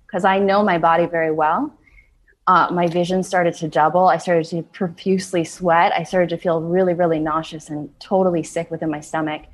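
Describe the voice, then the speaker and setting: Young woman telling her story, kinda low voice, earnest, lots of "like"s. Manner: earnest, frequent "like" fillers, acts out her own quoted words. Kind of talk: personal storytelling.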